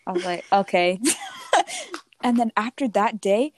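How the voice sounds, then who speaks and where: A teenage girl telling a story in casual chat, animated and often laughing as she quotes others. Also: medium pitch, unhurried, dry recording. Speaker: podcast co-host.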